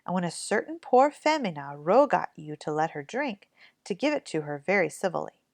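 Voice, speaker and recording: A woman voicing a sharp, scolding mother in a storybook read-aloud, brusque and shrill. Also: sing-song, moderate pace, creaky, dry recording.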